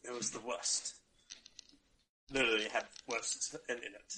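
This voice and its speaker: A man playing a tabletop role-play game in character, speaking in slow, halting lines. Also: mid-range voice, little pitch movement, bright, forceful tone, a little hiss or hum, poor audio. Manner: slow, drawn-out, halting speech.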